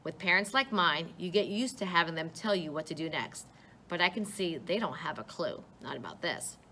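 A woman reading a first-person novel aloud in an expressive, conversational way. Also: on the low side, moderate pace, slight background noise.

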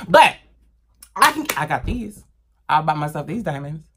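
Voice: high-pitched, animated, moderate pace, background noise. A vlogger ranting to camera in a heated, emphatic and profane way, blunt and full of slang. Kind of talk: impassioned rant to camera.

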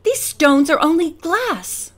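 A woman reading the part of a polite, measured male jeweler in an audiobook. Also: sits high, big pitch swings, a bit bright, pitched above the performer's own voice, full character voice. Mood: grave. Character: middle-aged male jeweler, courteous and precise.

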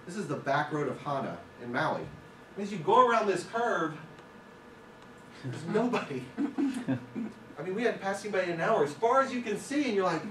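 In an echoey film school classroom, a guest speaker with a higher-leaning voice lectures in a conversational, anecdotal way. The distant mic picks up slight background noise.

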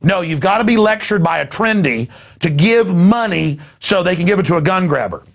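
Host, male, gravelly and husky, rambling sarcastic news rant. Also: sits high, expressive, normal speed. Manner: sarcastic, rambling, laughing asides.

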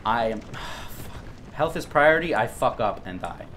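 A man's voice: expressive, measured pace, slight background noise. Young man swearing through a game. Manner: swearing, swings from low grumbling to shouting. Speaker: gaming YouTuber. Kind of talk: blind let's play commentary.

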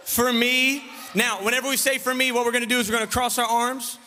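A man leading a lively children's revival service, joking and teasing the kids while he gives them actions and call-and-response lines. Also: very high-pitched, fast. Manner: playful, teasing, loud leader of a crowd of kids. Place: large church sanctuary. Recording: reverberant church hall, faint room noise.

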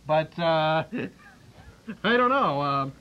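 On a lo-fi 1990s cable tape with faint hiss, a man hosts a public access show, mixing casual chat with mock announcing, laughing and joking and restarting when he stumbles. His voice is a little high, expressive and clear, with a resonant tone and drawn-out words.

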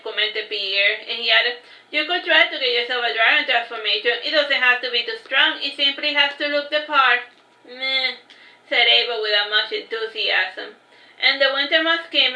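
A woman's voice: high-pitched, pushed and bright, roomy sound, rough recording. A woman reading her own fantasy novel aloud, unpolished, with frequent restarts and asides.

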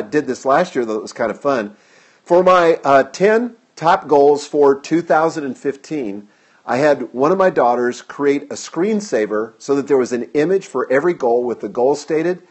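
A man's voice: medium pitch, slightly rough. A middle-aged man hosting a live-stream Q&A, upbeat and direct, reading viewer comments aloud into a phone camera. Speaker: host.

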